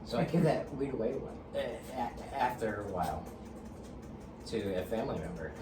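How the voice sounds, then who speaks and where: A man telling a rambling story in casual chat, animated and swearing, often breaking into laughs. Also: lowish voice, a little fast, background noise. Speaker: guest. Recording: roomy echo, distant mic, music behind. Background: music.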